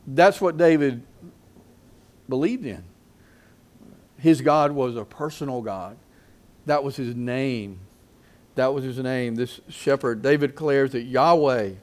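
A middle-aged male pastor preaches a sermon in a mid-range voice, using call-and-response questions with the congregation. He swings his loudness up and down for emphasis.

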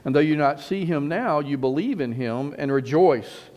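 Guy pastor preaching, slightly high voice, repeats lines, slows down for emphasis. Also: expressive, darkish tone. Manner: emphatic preaching with repeated phrases and slowed stresses. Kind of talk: sermon.

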